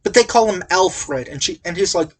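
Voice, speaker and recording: In a low, animated voice at a moderate pace, a podcast host recaps a movie in casual conversation. She's jokey and rambling, always veering into tangents and asides.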